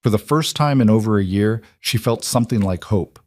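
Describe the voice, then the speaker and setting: A man with a fairly low voice reads a dramatic love story aloud in a steady, even way. The sound is dry and close, with no room around it. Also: fairly quick, dry recording. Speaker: narrator. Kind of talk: scripted story narration.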